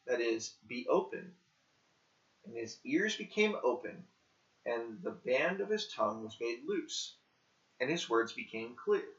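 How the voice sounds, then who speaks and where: Man slowly reading scripture aloud. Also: mid-range voice, a bit bright. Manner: slow, simple, careful reading for learners. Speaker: scripture reader. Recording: dull lo-fi recording.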